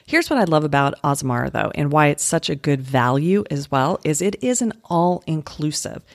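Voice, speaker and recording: Woman, travel co-host, very low voice, upbeat, friendly advice. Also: big pitch swings, moderate pace, vocal fry, no echo, studio quality. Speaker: travel podcast co-host and travel agent. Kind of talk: casual chat.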